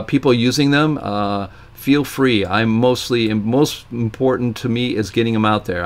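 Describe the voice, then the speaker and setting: A middle-aged man from Ohio hosting a casual live question-and-answer stream, rambling with restarts and telling stories in which he acts out the other voices. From Ohio, USA. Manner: animated storyteller, acts out quoted voices with big pitch jumps; rambling with frequent restarts and fillers.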